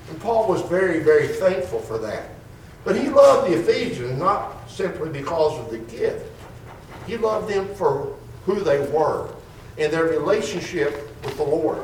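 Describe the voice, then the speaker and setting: Man preaching slow and emphatic, high voice that swings up and down, kinda far from the mic in an echoey room. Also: slight background noise. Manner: slow, emphatic delivery with dramatic drawn-out pauses. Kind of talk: sermon. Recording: roomy, distant mic with faint ambience.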